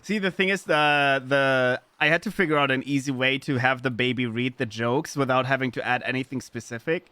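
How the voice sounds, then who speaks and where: A man's voice: mid-range voice, fairly even intonation, a little fast, few pauses, pushed and bright, smooth, no echo. A man from Germany with a German accent, chatting casually with his live-stream audience, playful and swearing freely as he riffs on chat messages.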